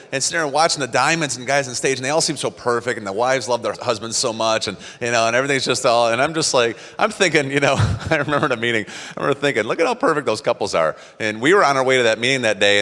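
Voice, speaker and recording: A man giving a joking, animated motivational talk on stage, laughing at his own stories. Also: medium pitch. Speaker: speaker at a business convention. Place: stage in a large venue. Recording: large hall with reverb and audience.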